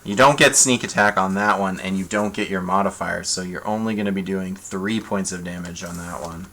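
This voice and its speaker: A man running a tabletop horror game live as game master, animated and quick with apologetic asides. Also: sits low, rough recording.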